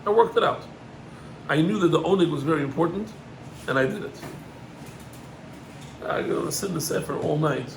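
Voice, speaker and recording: A middle-aged man, a rabbi, gives an animated Torah lesson, climbing in pitch on emphatic points and mixing in Hebrew terms. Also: moderate pace, creaky, pauses often, slight background noise, low-quality recording.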